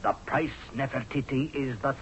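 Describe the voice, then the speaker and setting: A man's voice: mid-range voice, moderate pace, slight background noise, lightly acted. A man playing a blunt, sardonic army general. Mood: sarcastic. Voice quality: sardonic, forceful, pleading. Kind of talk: 1970s radio drama acting. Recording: dull lo-fi old radio broadcast.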